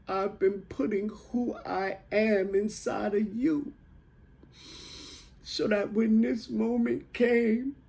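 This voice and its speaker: A man voicing his dying elderly mother, who speaks slowly, plainly and tenderly but firmly. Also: a little high, vocal fry, mellow. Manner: slow, plain-spoken, tender but insistent.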